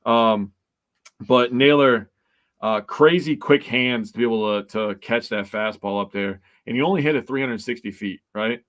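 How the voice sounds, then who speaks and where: A man's voice: medium pitch, normal speed, fairly bright tone. A man co-hosting a sports podcast, recapping a game emphatically with mock outrage. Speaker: podcast co-host. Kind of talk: casual sports chat.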